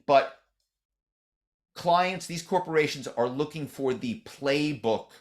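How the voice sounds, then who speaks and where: A man's voice: fairly high pitch, slow. A middle-aged man as a podcast guest, talking loosely with lots of fillers and restarts. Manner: rambling, many "you know" fillers and restarts. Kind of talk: conversational interview.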